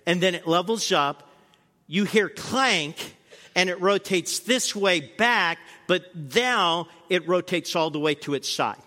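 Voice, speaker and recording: A man in his sixties, a guest pastor, preaching a sermon with animated storytelling and acting out scenes. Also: high-pitched, slow, big-room sound.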